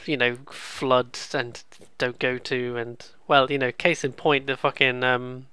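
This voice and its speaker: A man's voice: mid-range voice, level tone, unhurried, sharp tone, clean tone, no room sound. A man hosting a let's play, giving casual, sarcastic, rambling gameplay commentary. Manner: sarcastic, swears freely, rambling.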